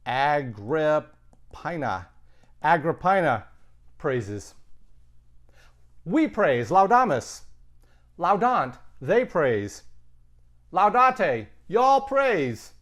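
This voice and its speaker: A man's voice: sits high, sing-song, very slow, pauses often, fairly bright tone. A man teaching a Latin lesson, thinking aloud with casual asides. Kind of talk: recorded lesson.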